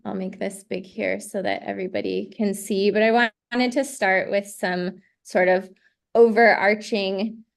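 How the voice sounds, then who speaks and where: A woman's voice: mid-range voice, fairly even intonation, measured pace, creaky. A woman giving a workshop presentation over a video call, walking through her slides. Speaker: invited speaker on gene therapy. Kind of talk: online workshop talk.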